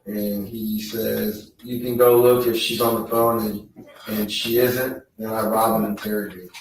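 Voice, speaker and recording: A man testifying in court, reading text messages aloud in a flat, halting way. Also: on the low side, slight background noise. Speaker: trial witness reading messages. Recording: echoey courtroom audio from far off.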